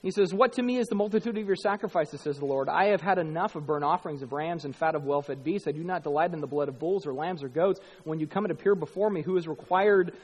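A man preaching a sermon as pastor, animated, dropping to hushed tones and rising to loud emphatic bursts. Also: on the high side, fast talker, few pauses, slightly rough, in a large hall, poor audio.

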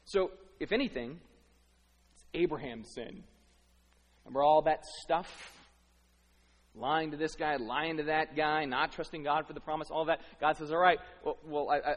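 A middle-aged man preaching a sermon, dramatically acting out inner thoughts with stammering repeats, swinging from hushed to loud. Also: medium pitch. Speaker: pastor. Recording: long reverb of a large hall.

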